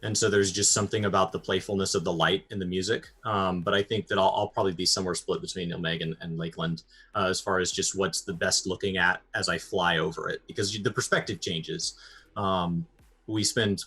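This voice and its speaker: A man's voice: sits low, fairly even intonation, fairly quick, pushed and bright, husky. A man from North America co-hosting a gaming podcast, chatting thoughtfully with hesitant repeats. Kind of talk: casual gaming podcast chat.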